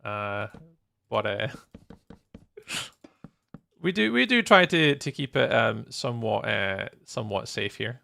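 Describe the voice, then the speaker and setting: A Scottish man in his young adult years talks loosely to his live-stream chat, greeting viewers by name and laughing often. His voice has a gravelly, creaky edge, and his pitch swings widely, lively up and down. He sounds close to the mic. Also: takes it slowly, long pauses. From Scotland.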